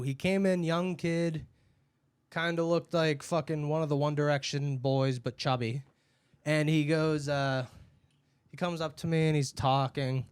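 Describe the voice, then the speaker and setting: A man's voice: fairly high pitch, clean tone, dry recording. A man from Boston, a comedian and podcast co-host, telling casual stories from his café job and acting out the customers. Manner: animated storyteller acting out customers' voices. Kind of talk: casual chat, storytelling.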